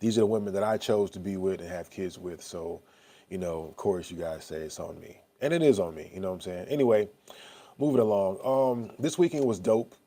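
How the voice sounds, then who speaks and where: A man's voice: sits low, fairly quick, mellow. A man in his thirties talking candidly to his viewers, rambling and blunt, swearing and often asking "you know what I'm saying.". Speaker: vlogger. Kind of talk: casual talk to camera.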